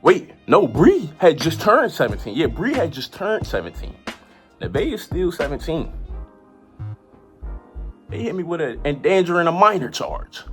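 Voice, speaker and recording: Animated young woman telling a story. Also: low voice, unhurried, pauses often, faint music behind. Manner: animated, lots of "like" and repeated phrases. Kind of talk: casual storytime vlog.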